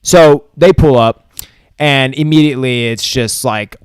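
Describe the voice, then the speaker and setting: A man's voice: medium pitch, a little slow, clean tone, dry recording, clean studio sound. A man co-hosting a podcast, recapping a TV episode in loose, profane, rambling casual chat. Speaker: podcast co-host.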